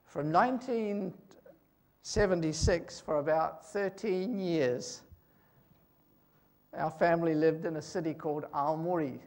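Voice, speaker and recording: An older man preaching in a church, praying first, then telling stories slowly with pauses and fillers. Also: high voice. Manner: slow, storytelling with pauses and fillers. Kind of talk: sermon with opening prayer.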